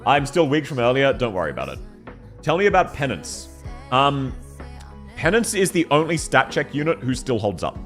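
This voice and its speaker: During a casual live stream, this very animated man speaks at a moderate pace, his pitch leaping up and down as he responds to viewers. He laughs frequently and keeps the talk relaxed while soft music sounds faintly in the background.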